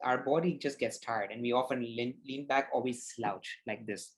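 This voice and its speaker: A man giving public speaking tips on a podcast over a video call, explaining in an animated, demonstrative way. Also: mid-range voice, normal speed, breathy edge. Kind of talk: instructive podcast conversation.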